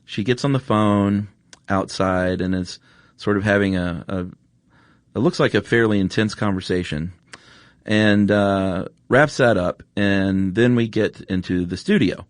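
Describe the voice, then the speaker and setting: A man's voice: fairly low pitch, a little slow, no room sound, studio quality. A man, hosting a podcast and telling a story casually, with many fillers and restarts. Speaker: podcast host. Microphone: studio microphone.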